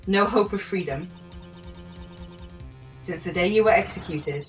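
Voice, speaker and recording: A woman voicing a calm, confident female lawyer spirit, speaking in a cool, measured way while reading game dialogue aloud. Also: lowish voice, far from the mic, faint music behind, lightly acted. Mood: cold.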